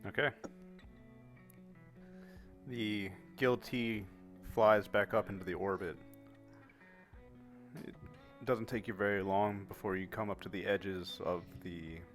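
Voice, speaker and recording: Deep-voiced male game master. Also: fairly bright tone. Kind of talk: narrating a tabletop game.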